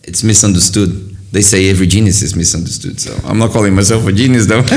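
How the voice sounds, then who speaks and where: A man's voice: on the low side, sing-song, fairly quick, slight background noise. A middle-aged man hosting a casual conversation, earnest and rambling, often restarting his sentences as he reflects. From from another country. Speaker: host.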